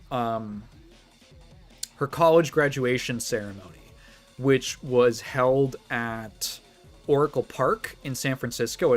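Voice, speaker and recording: Chatty Midwestern man rambling casually. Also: medium pitch. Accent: Midwestern American. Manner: rambling, self-interrupting, laughs often. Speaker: streamer reacting to a video. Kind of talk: casual chat.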